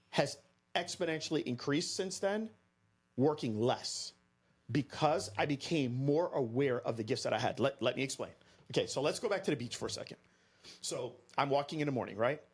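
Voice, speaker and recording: A man from Florida, a podcast guest, telling a story in an energetic, emphatic way and talking straight to the listeners. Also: on the high side, normal speed, pauses often, slightly rough. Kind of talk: animated storytelling to an audience.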